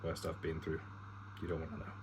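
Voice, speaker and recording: A man reading a gruff, commanding male army officer aloud from a book, with little acting. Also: a bass voice, monotone, fairly quick, noisy background, pitched below the performer's own voice. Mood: low, tender.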